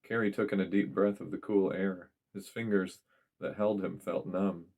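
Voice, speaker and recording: A man reading a dark story aloud in a steady, measured way. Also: deep voice, creaky. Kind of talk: scripted story narration.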